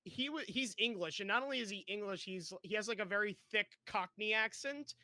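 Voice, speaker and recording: A young man co-hosting a podcast, casually sharing movie trivia in a quick, chatty way. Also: sits high, sharp tone, no room sound. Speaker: podcast co-host.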